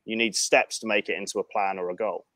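A man telling a profane anecdote in casual chat, animated and frank. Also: lowish voice, fast talker. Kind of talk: casual storytelling.

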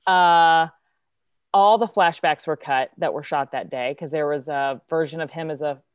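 A woman's voice: low voice, moderate pace, smooth, no echo, narrow, tinny audio. A woman actress, a guest telling a casual, chatty story and acting out the quotes. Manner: chatty, lots of filler likes, acts out quotes.

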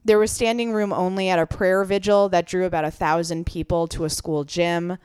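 A woman's voice: lowish voice, level tone, a little fast, darkish tone, smooth, no room sound. A woman co-hosting a podcast in casual chat, reading out news items and laughing often with her co-host.

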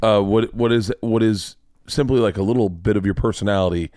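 A podcast host in casual chat, giving short, blunt reactions. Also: male voice, fairly low pitch, fairly quick, darkish tone, dry recording, clean studio sound.

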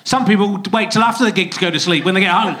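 A man's voice: sits high, fast talker, crowd noise. A man hosting a live comedy podcast on a theatre stage, trading wry, sardonic jokes. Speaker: podcast host. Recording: live theatre with audience noise.

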